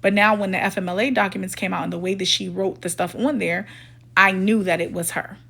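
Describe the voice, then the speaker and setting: Her voice is medium in pitch, creaky and a bit bright, with fairly even intonation and a fairly quick pace. A storytime vlogger, she retells a personal story casually with emphatic indignation, performing the dialogue of those involved.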